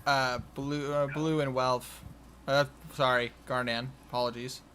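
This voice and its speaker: Bright-voiced man running a tabletop game. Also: mid-range voice, little pitch movement, unhurried, slight background noise. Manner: stumbling, self-correcting narration. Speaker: game master. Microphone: headset or desk mic on voice chat.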